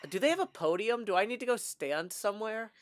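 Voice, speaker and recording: A man's voice: high voice, expressive, normal speed. A man hosting a livestream, chatting playfully and reading chat messages aloud. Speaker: streamer host.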